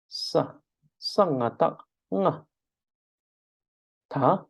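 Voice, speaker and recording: A man's voice: medium pitch, slow pace, darkish tone. A man teaching an online spelling lesson over a video call, hesitant with many filler sounds, drilling syllables aloud one by one. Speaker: language teacher.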